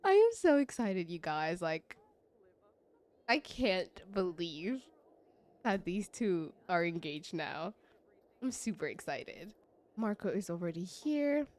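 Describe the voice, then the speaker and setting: A woman's voice: lowish voice, big pitch swings, slow, long pauses, a little mellow. A woman giving casual, chatty gameplay commentary, gushing and giggling as she goes. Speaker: let's play creator.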